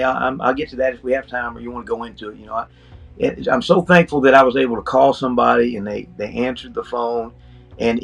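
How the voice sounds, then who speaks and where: A middle-aged man as an interview guest, earnestly telling a story in a halting, casual way with many restarts. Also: mid-range voice, vocal fry, slightly rough.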